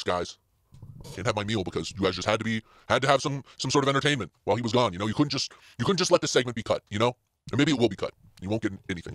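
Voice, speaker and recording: Sitting in a parked car, a man hosts a casual solo podcast, rambling along with lots of fillers and restarts. His voice is mid-range and a bit bright.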